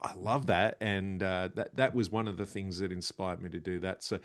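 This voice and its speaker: Australian comedian telling animated stories. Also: male voice, deep voice, fairly quick, no echo, clean studio sound. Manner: animated storytelling, slips into voices. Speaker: guest comedian. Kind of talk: casual interview chat.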